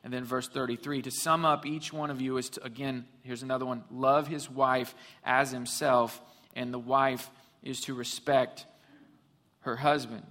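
Bright-voiced male preacher in a big hall. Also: medium pitch, little pitch movement, moderate pace. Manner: humorous storytelling, emphatic preaching. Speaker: pastor. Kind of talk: sermon. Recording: long hall reverb.

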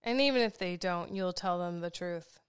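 A woman's voice: lowish voice, normal speed, smooth, no echo, clean studio sound. A woman co-hosting a podcast, speaking candidly and from the heart about raising her children. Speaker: podcast co-host. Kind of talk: casual conversation.

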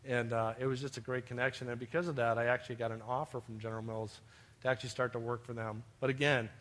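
Man preacher, storytelling sermon, mid-pitched voice. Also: level tone, fast talker, a bit bright. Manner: storytelling, addresses listeners as beloved. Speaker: pastor.

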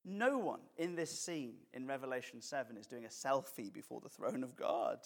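A man's voice: medium pitch, big pitch swings, moderate pace, creaky. A man preaching a conversational sermon as pastor, mixing jokes and acted quotes.

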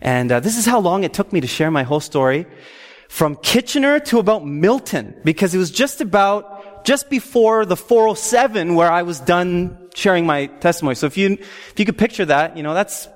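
Excitable man telling a testimony. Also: high voice, normal speed, big-room sound. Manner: excitable, animated, frequent "okay?" asides. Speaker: speaker sharing a faith testimony. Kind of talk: personal testimony storytelling.

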